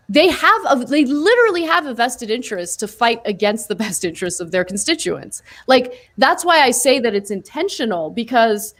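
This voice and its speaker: A woman co-hosting a political talk show, arguing her points emphatically in casual discussion. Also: a little high. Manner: emphatic, argumentative. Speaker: co-host.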